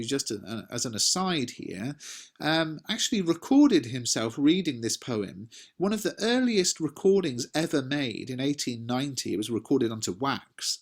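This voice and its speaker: A male English teacher giving a recorded exam revision lesson, explaining poetry in a conversational, encouraging way and addressing students directly. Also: mid-range voice.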